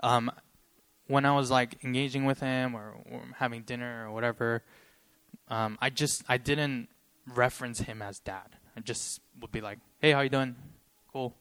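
A young man giving a sermon and sharing a personal story, talking earnestly and haltingly with many pauses, choked up with emotion. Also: medium pitch, steady tone, a bit bright, clear, resonant tone. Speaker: preacher.

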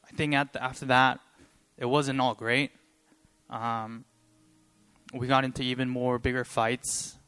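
A young man giving a sermon and sharing a personal story, talking earnestly and haltingly with many pauses, choked up with emotion. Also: medium pitch, level tone, pushed and bright, clean tone. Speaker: preacher.

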